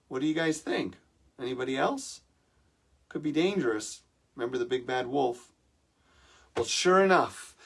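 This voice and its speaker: Slow, gravelly storytelling man. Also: mid-range voice. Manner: dramatic, asks the audience questions. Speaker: spiritual teacher. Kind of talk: storytelling to an online congregation.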